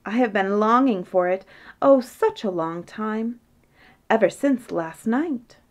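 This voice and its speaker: A woman's voice: mid-range voice, lively intonation, slow. A woman voicing a giddy young princess in a storybook reading, eager and wheedling, drawing her pleas out. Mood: pleading. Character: giddy, laughing young princess begging for a whim.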